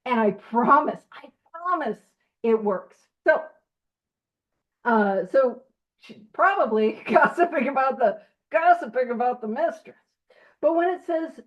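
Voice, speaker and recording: A woman's voice: sits high, lively intonation, a little slow. A woman leading a recovery book study group, teaching in a casual, playful way and laughing often. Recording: dull lo-fi audio.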